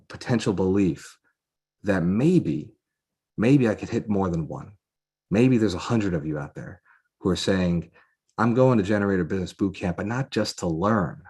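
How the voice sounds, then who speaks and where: A man hosting a live event, giving an energetic, emphatic motivational pitch that repeats lines for effect. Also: slightly rough. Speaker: real estate mentor and event host.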